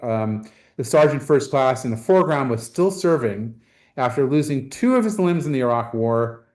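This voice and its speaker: A man on a museum's staff giving an informal gallery talk about an exhibition, pausing often and restarting his sentences. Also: mid-range voice, a little mellow. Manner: halting, with frequent ums and restarts.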